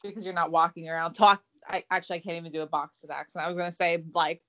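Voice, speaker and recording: Podcast co-host, young woman, sarcastic, lowish voice. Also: little pitch movement, racing, sharp tone. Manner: dry, sarcastic asides. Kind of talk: casual chat.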